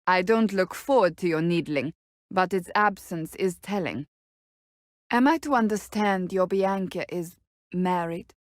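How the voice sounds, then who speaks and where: A woman's voice: lowish voice, a little slow, dry recording, clean studio sound, close to an everyday voice. An actress playing a stern, blunt female warrior in curt, formal video game companion dialogue.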